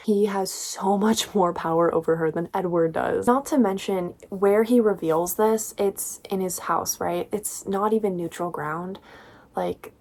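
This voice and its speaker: A young woman in her twenties talks through a book in a loose, chatty way, full of filler words and exasperated asides. Her voice sits at a middle pitch, and she sounds critical and fed up as she explains what bothers her. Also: a little mellow. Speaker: book reviewer. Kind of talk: casual book commentary.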